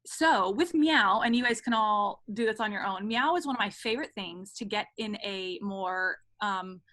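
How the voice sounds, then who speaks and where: A woman's voice: mid-range voice, expressive, moderate pace, a bit bright. A woman voice teacher running an online lesson over a video call, often demonstrating with sung meows.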